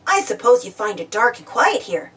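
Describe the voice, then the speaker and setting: A woman's voice: on the high side, very animated, moderate pace, fairly bright tone, distant mic. A woman voicing a sleepy, easygoing male tractor. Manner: drowsy.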